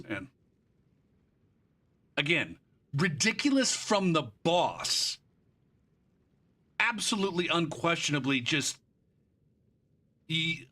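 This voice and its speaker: A man's voice: on the high side, sharp tone. A man streaming a game live, ranting about it in a frustrated, profane way and drifting into rambling asides. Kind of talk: live gameplay commentary.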